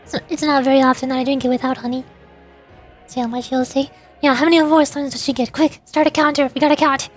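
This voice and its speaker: A woman's voice: sits high, fairly even intonation, a little fast, faint music behind. A woman streamer chatting casually and playfully while reacting to a game, giggling now and then.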